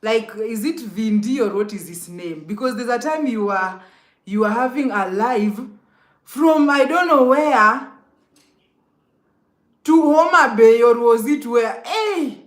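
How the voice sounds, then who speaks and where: A woman's voice: fairly high pitch, animated, takes it slowly. A young Kenyan woman chatting casually on a live stream, greeting commenters by name and laughing often.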